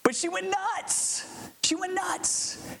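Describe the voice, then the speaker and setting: A man preaching a sermon in a relaxed, conversational way, laughing often as he talks. His voice sits high for a man. The sound rings with long reverb over a faint hiss. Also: slow, creaky. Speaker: pastor.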